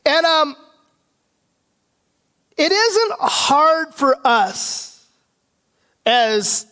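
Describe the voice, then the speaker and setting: A male pastor from the Pacific Northwest preaching a conversational sermon. He often asks "right?" and now and then clears his throat. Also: very high voice, big pitch swings, drawn-out words, bright, forceful tone. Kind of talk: expository sermon. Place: church sanctuary.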